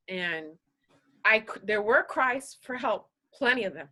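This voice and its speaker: A woman guest on a podcast, telling her personal story in an earnest, halting way, emotional and close to tears. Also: mid-range voice, animated. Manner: earnest, halting, with restarts and soft laughs.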